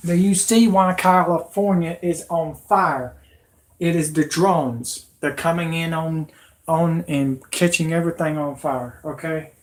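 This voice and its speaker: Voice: medium pitch, fairly even intonation, measured pace. A livestream host giving an agitated, emotional, rambling rant into a computer microphone. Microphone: computer mic.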